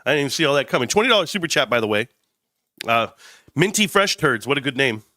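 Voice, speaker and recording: A man hosting a live stream, talking casually while sick with a sinus cold, rambling and telling animated stories. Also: medium pitch, fast, no room sound, studio quality.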